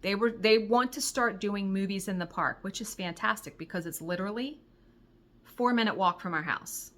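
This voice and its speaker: A middle-aged woman vlogger casually telling a story to her viewers, acting out conversations and swearing when excited. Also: medium pitch, moderate pace. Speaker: crafting vlogger.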